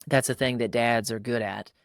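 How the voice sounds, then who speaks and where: A man's voice: medium pitch, fairly even intonation, normal speed, no room sound. Earnest man, dry close sound. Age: adult father of young boys. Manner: earnest, acts out quoted dialogue in a raised voice. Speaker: podcast host and pastor. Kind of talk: casual podcast conversation.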